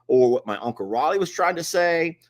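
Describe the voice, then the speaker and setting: A man's voice: a little high, expressive, fairly quick. A man, co-hosting a live stream in a rambling, chatty way and laughing often. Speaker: livestream co-host. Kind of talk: casual chat.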